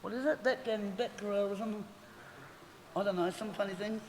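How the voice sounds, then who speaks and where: Speaking a little quickly in a medium-pitched voice with a darkish tone, a middle-aged Australian woman gives a rambling funeral eulogy built on anecdotes. She laughs as she talks, and the hall's echo and faint noise are audible.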